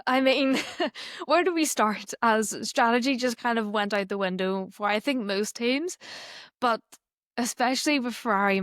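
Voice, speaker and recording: A woman co-hosting a motorsport podcast in casual chat, laughing often and exasperated, with quick asides. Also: mid-range voice, fairly bright tone, dry recording, studio quality. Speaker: podcast co-host.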